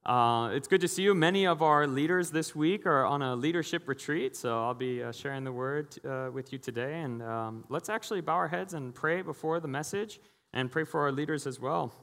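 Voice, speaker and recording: A man's voice: fairly high pitch, normal speed, a bit bright. A man giving a sermon as a guest preacher, praying and then telling stories in a casual, chatty way with acted-out quotes. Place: church hall. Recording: long reverb of a large hall.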